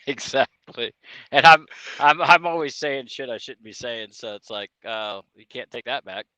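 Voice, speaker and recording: Laughing rambling trucker guest from Indiana. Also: male voice, mid-range voice, steady tone, normal speed, bright, forceful tone, no room sound. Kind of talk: casual livestream chat. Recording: dull dry stream audio.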